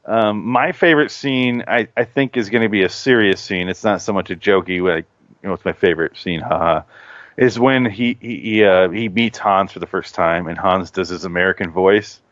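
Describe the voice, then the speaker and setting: A man with a lowish voice rambling through a casual podcast chat, often breaking into laughs. The sound is dull and dry, with no room to it. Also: normal speed, a bit bright, no echo.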